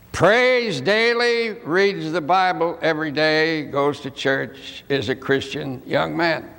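An elderly preacher in his eighties tells a folksy sermon story with long dramatic pauses. His voice is high and gravelly, and he speaks slowly. It echoes through a large hall. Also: a bit bright. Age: 80s.

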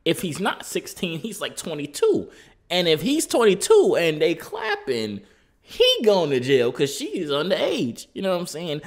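A young man hosting a reaction video in casual, slangy talk, breaking into loud exclamations. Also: fairly high pitch, wildly swooping pitch, normal speed.

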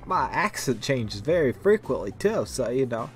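A man's voice: medium pitch, sing-song, normal speed, soft background music. A man giving casual, joking commentary while playing a video game, rambling and mocking himself. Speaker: let's play host.

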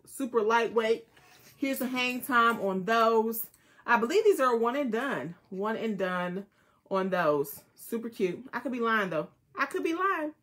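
A chatty woman runs a live jewelry sale, her voice sitting a little high. She talks casually to viewers, calling them y'all and mama, and repeats each item code. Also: fairly bright tone. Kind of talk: casual live selling chat.

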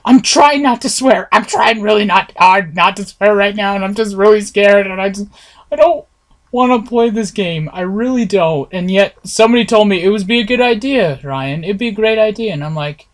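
A man's voice: sits high, normal speed. A man giving nervous, jumpy commentary while playing a horror game, talking to his viewers and swearing often. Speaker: gameplay streamer.

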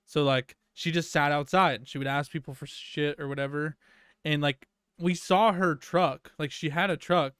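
A man's voice: on the high side, steady tone, moderate pace, a bit bright, clear, resonant tone, no room sound, studio quality. A young man casually telling a long workplace story on a podcast, full of fillers and swearing. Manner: rambling anecdote with many fillers and profanity. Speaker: podcast co-host.

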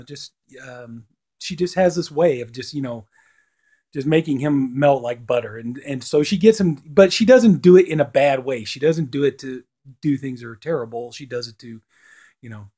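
A man's voice: medium pitch, mellow. A man giving a casual spoken review of a TV episode, rambling and leaning on "you know" fillers. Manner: acts out lines with a lifted voice.

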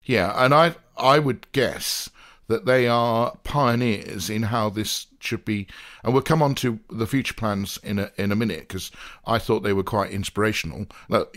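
Low-voiced rambling podcast co-host man. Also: fairly bright tone. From South Coast of England. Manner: rambling, jokey, with playful digressions. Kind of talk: casual podcast chat.

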